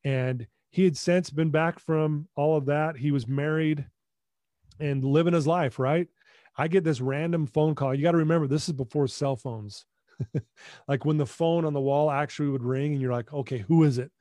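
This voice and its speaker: Mellow-voiced man telling his story. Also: fairly high pitch, normal speed, dry recording. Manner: animated retelling with acted-out dialogue; restarts and repeats words. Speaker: podcast guest. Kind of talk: personal storytelling in conversation.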